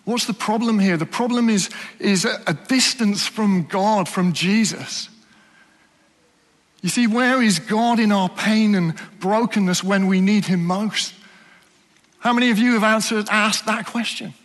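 Male preacher, high voice, earnest, asks the room questions, long hall reverb. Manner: earnest, questioning, drops to soft slow emphasis. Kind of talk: sermon.

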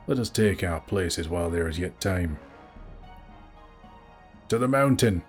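A man voicing a male warrior leader who shouts commands to his troops in a put-on accent, in an audiobook reading. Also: low voice, normal speed, soft background music, close to an everyday voice. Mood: commanding. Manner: loud commanding calls, accent attempt.

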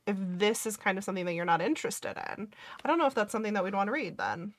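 Animated, joking woman co-host. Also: mid-range voice. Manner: animated and emphatic, quick joking asides. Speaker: podcast co-host. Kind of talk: casual book-club chat.

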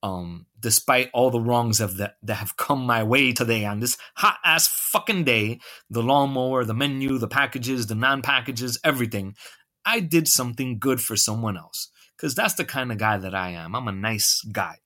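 A man's voice: mid-range voice, moderate pace, pushed and bright. A man hosting a podcast, telling a story in a profane, ranting and sarcastic way. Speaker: podcast host. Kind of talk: comedic storytelling monologue.

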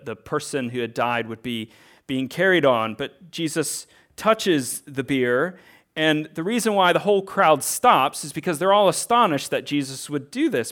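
Man in his 30s, pastor, earnest conversational sermon delivery, slightly high pitch. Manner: earnest, conversational preaching with rhetorical questions.

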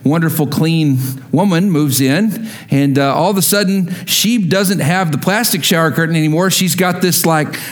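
Male pastor, high tenor, animated sermon storytelling. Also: moderate pace. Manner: animated storytelling with acted-out quotes.

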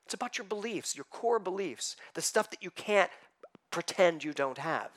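A man's voice: high voice, animated, normal speed, a bit bright. A man giving a spiritual sermon, emphatic and building to fervent passages, acting out inner voices in quotes. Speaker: spiritual teacher.

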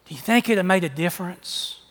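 A man's voice: high voice, lively intonation, fairly quick, a bit bright. A man preaching a sermon, emphatic, often repeating his phrases for emphasis. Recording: long echo of a large hall.

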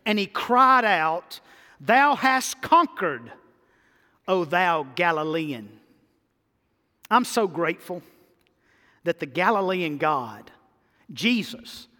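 A man's voice: sits high, sharp tone, long reverb tail. A man preaching a sermon as pastor, emphatic and repeating his key phrases.

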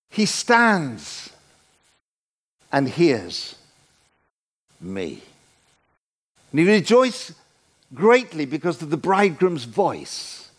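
A man in his sixties preaching a sermon in a church, playful and animated, acting out the voices he quotes. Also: on the high side. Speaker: guest preacher.

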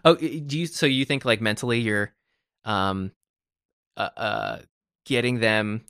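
Lower-voiced man in relaxed tech chat. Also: unhurried, smooth, no room sound, clean studio sound. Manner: rambling, hedging with "like" and "I don't know". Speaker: podcast co-host.

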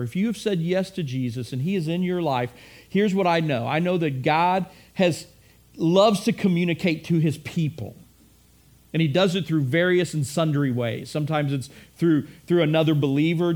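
A man's voice: a little high, darkish tone. A middle-aged man preaching a sermon in a conversational way, repeating phrases and acting out quotes. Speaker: pastor.

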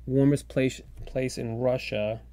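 A man co-hosting a podcast, excitedly improvising a comedic story and firing off rapid questions. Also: mid-range voice, no echo. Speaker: podcast co-host.

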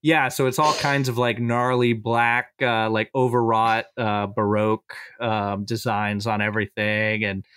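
A man's voice: on the low side, little pitch movement, measured pace, few pauses, fairly bright tone, smooth, no room sound, studio quality. A man in a tabletop game session, casually describing his character with lots of hesitant fillers and restarts. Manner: rambling, hesitant, heavy fillers.

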